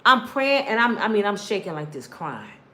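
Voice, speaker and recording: A woman's voice: mid-range voice, expressive, brisk, pushed and bright. A woman in her fifties telling her own story in an impassioned personal monologue, emphatic and preachy, speaking straight to her listeners and acting out what others said. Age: 50s. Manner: acts out other people's words in quotes.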